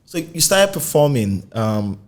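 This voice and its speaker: A man hosting a music podcast, asking questions in a relaxed, conversational way. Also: mid-range voice, measured pace. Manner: conversational, frequent short affirmations. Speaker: podcast host, music journalist. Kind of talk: casual interview.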